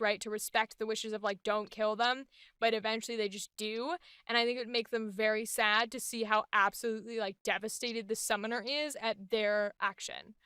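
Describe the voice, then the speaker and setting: A woman's voice: on the high side, clean tone, no room sound, studio quality. Bubbly young woman voice-actor host. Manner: animated, enthusiastic, filler-heavy talk. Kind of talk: casual voice acting vlog.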